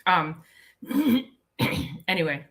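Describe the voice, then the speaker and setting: Bright-voiced chatty woman host. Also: fairly low pitch, big pitch swings, extremely slow. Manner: chatty, self-interrupting, laughs easily. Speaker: health show host. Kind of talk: casual health talk.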